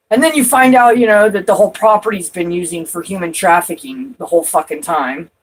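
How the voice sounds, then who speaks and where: A woman with a husky, breathy voice talks to the camera in a rambling, profane way. She starts lines over and over, jumps between loud outbursts and quiet asides, and lets her sentences trail off. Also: on the low side, a little fast, hardly any pauses, rough recording. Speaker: vlogger. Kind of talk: rambling personal talk to camera.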